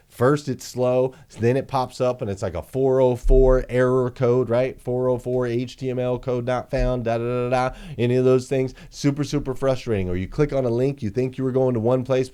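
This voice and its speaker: An energetic male coach delivers a motivational business lesson in a mid-pitched voice. He hammers his points home with emphatic repetition and pushes listeners to act. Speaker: dealership marketing coach. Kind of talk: motivational business training talk.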